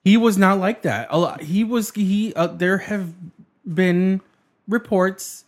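A man arguing his side in a casual debate, animated, profane and defensive, with frequent restarts. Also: high-pitched, slow pace.

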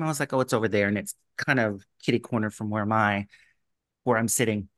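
A man's voice: medium pitch, moderate pace, no room sound. A man telling a long anecdote in easy, casual chat, with his voice jumping up when he acts out what others said. The recording is dry and close, with no room sound. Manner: animated, acts out quoted voices. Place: residence in a gated community.

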